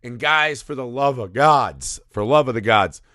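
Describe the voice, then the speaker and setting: Male podcast host, eager and animated, crisp bright tone, dry close sound. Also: mid-range voice, a little slow, no echo. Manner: enthusiastic, animated, swears casually. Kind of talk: casual film podcast chat.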